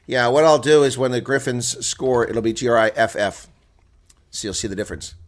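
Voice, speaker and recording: A man doing live solo rugby play-by-play and reaction commentary, excitable and exclaiming, chatting to viewers between plays. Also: mid-range voice, a little fast.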